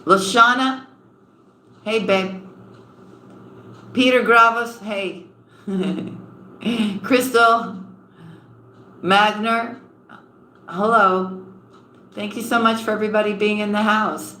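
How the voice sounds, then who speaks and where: A woman's voice: mid-range voice, steady tone, slow, long pauses, sharp tone, slight background noise. Affectionate tarot reader woman, roomy sound. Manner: affectionate, calls viewers honey and sweetheart. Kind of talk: live-stream tarot reading and chat. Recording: roomy echo with faint ambience.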